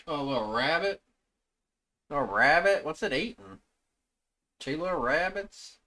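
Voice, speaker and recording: Male streamer, profane off-the-cuff reaction commentary, lively pitch, forceful bright tone. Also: measured pace. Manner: profane, blurting reactions to clips.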